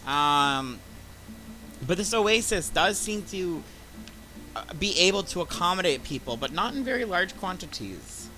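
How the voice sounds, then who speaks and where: A man's voice: high-pitched, very animated, a little slow, bright, forceful tone, soft background music, rough recording. A young man running a tabletop game as dungeon master, loose and joking, often laughing.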